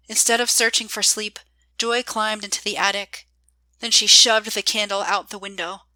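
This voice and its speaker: Bright-voiced woman narrating a story. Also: mid-range voice, no room sound. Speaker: author reading own story. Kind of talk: scripted narration.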